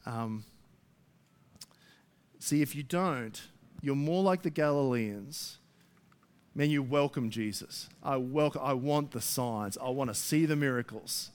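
A man preaching a sermon to his church, emphatic, swinging between loud rising stresses and soft low asides. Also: slow, pauses often, smooth. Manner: emphatic, rising to near shouts then dropping soft. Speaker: pastor.

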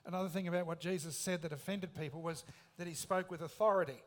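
A man's voice: high-pitched, fairly even intonation, fast. Emphatic man preaching. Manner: emphatic, conversational preaching with rhetorical questions. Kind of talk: sermon.

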